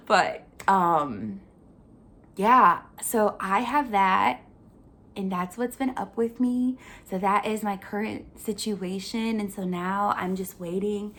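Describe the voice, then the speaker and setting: A young woman hosting a vlog, talking in a casual, earnest way with lots of filler words and an upbeat, animated delivery. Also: medium pitch, slow pace. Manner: chatty, earnest, full of "like" fillers. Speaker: vlog host. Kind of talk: casual life-update chat.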